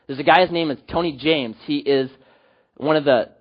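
A pastor preaches an animated sermon at normal speed, rising to loud, emphatic peaks and dropping to quiet, low endings. The audio sounds dull.

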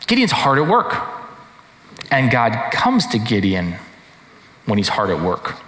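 A man's voice: medium pitch, wildly swooping pitch, measured pace, a bit bright. A man preaching a sermon in a conversational way, often checking in with rhetorical questions. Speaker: pastor. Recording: echoey hall reverb.

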